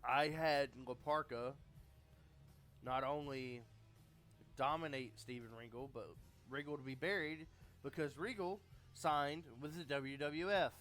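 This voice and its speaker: A man giving relaxed, casual narration of a game he is playing, recapping events as they come. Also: fairly high pitch, measured pace, soft background music. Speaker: gaming YouTuber.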